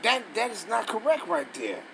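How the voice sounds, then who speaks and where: A man with a fairly high speaking voice leads a casual scripture study. He talks bluntly and curses freely, firing off rhetorical questions between readings. A faint hum sits behind him. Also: huge pitch swings, moderate pace, vocal fry, a bit bright, rough recording. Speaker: scripture teacher.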